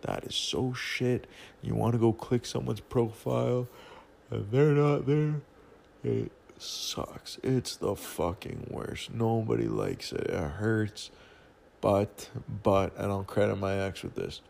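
A young man with a low, gravelly voice and a dark, mellow tone. He rambles through a profane, slang-heavy rant, telling a personal story the casual way. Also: lively intonation, slow pace.

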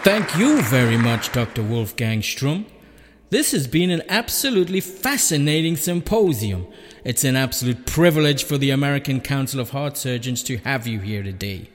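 A man's voice: medium pitch, very animated, normal speed, big-room sound, some chatter behind. A man acting as a formal, stumbling compère in a comedy sketch.

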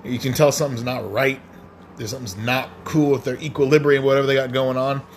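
A man's voice: mid-range voice, steady tone, fast talker, slight background noise. Crude rambling podcast man. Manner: crude, rambling, swears a lot. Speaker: podcast host. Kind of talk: casual solo podcast rant.

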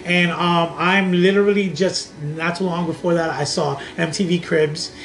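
A young man with a somewhat high voice talks on a podcast. He rambles through his story with many restarts. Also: steady tone, normal speed, a bit bright. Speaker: podcast co-host. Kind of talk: casual chat.

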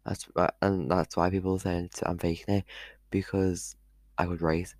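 A teenage vlogger with a deep voice, level tone and normal speed chats casually on a live stream into a headphone mic, sounding a little mellow with no echo. He's chatty and meandering, often losing his train of thought.

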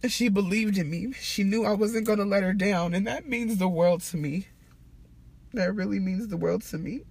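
A woman's voice: mid-range voice, normal speed, gravelly, darkish tone, slightly rough. A woman talking candidly to her viewers in a heartfelt, emotional, casual and profane way. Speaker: vlogger. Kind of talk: candid personal vlog talk.

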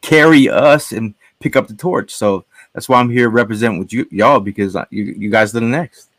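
A man's voice: medium pitch, normal speed, fairly bright tone, no echo. A man guesting on a casual sports podcast, rambling laid-back with lots of fillers.

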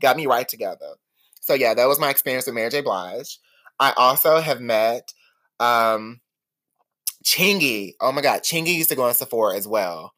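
A man hosts a casual solo podcast, spinning stories in a gossipy, animated way. His mid-range voice swoops up and drops low for dramatic asides. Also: moderate pace. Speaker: podcast host. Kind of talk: casual storytelling monologue.

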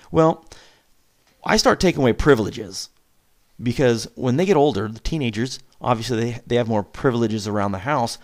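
A man in his forties talks through how he disciplines his kids in a relaxed, chatty way. His medium-pitched voice jumps sharply upward whenever he asks a question or stresses a point, and he chuckles often between phrases. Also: moderate pace. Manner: animated, acts out back-and-forth with his kids, chuckles often. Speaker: father giving parenting advice. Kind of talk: casual advice talk.

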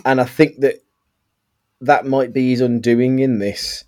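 A man's voice: mid-range voice, fairly even intonation, a little slow, darkish tone. Hesitant man, dry humour. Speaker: podcast co-host. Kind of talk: casual film review chat.

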